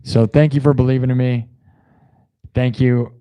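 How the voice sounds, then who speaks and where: A young man chatting on his live stream with a sore throat from hours of yelling, effusive, thanking viewers and swinging between loud hype and quiet asides. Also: mid-range voice, fairly even intonation, moderate pace, clear, resonant tone, lo-fi sound.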